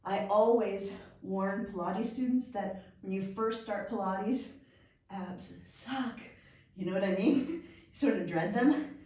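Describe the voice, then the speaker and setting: A woman's voice: mid-range voice, takes it slowly, warm tone, heavy reverb, distant mic. A woman Pilates instructor giving chatty, encouraging cues, breathing hard as she exercises along. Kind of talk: workout instruction.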